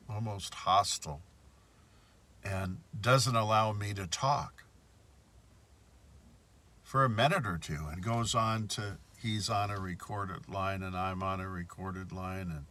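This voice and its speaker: A man's voice: sits low, slow, pauses often, sharp tone. A man telling a story in a casual monologue, indignant and repeating his points. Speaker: bank customer telling of a complaint.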